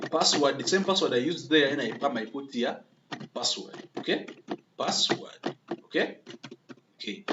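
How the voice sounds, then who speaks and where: A man's voice: on the high side, a bit bright, roomy sound, highs cut off, slight background noise. A man giving a screen-recorded coding tutorial, thinking aloud, repeating himself and often checking in with a questioning "okay?" while he addresses viewers as members.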